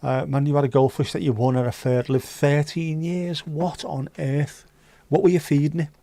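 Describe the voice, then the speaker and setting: A man's voice: a little high, level tone, normal speed, vocal fry, mellow, no echo. A man hosting a livestream, chatting casually and reading out viewer comments with rambling, dry joking asides. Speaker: livestream host.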